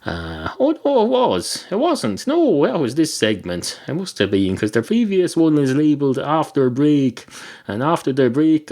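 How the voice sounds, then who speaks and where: A man's voice: mid-range voice, a little mellow. A man hosting a podcast, talking in a meandering, wry comic monologue that keeps losing its thread. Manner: meandering, self-interrupting, wry. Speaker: podcast host.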